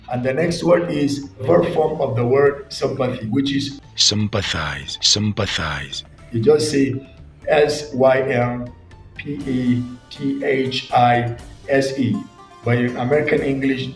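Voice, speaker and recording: A man's voice: medium pitch, a little mellow, reverberant. A man teaching English pronunciation, spelling words out letter by letter and encouraging his listeners as he repeats corrections. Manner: addresses listeners directly, encouraging. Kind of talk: pronunciation lesson.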